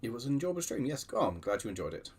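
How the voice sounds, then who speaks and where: A man's voice: mid-range voice, big pitch swings, rapid-fire, a little mellow, husky. A man hosting a casual livestream, chatting in a rambling, self-deprecating way with many restarts, keyboard typing behind him. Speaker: livestream host.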